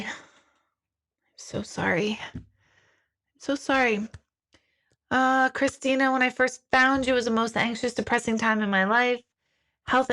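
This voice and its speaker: A woman in her forties chatting frankly on a live stream, reading out comments from viewers. She speaks in a middle register and lurches into high, theatrical voices when she mimics other people. Her pace runs fast in bursts, then slows down. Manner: candid, animated, acts out quotes with big pitch jumps and swearing. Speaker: intuitive hosting a live video, reading comments. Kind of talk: casual live-stream chat.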